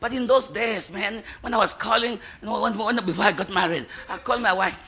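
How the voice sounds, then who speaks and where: High, bright-voiced shouting preacher. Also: male voice, brisk, gravelly. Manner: rousing, bursts into shouts, asks the congregation questions. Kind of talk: charismatic sermon.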